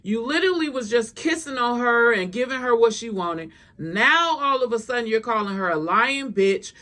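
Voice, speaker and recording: A woman with a high-pitched voice gives casual gossip commentary for a vlog. She talks bluntly and sounds exasperated, swearing freely as she goes. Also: lively intonation, normal speed, sharp tone.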